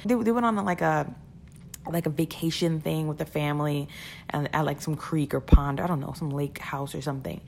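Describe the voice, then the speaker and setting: A woman speaks casually and earnestly to her listeners in a motivational talk about keeping perspective, often repeating words and laughing between points. Her voice is low-pitched, gravelly and a little mellow, her pace brisk, with a little hiss or hum in the audio.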